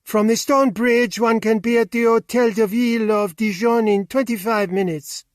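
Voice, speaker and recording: A man's voice: sits high, steady tone, normal speed, no echo, clean studio sound, pitched above the performer's own voice, natural voice. A man reading an audiobook, voicing a helpful, chatty French male motorcyclist who explains the way in a friendly manner.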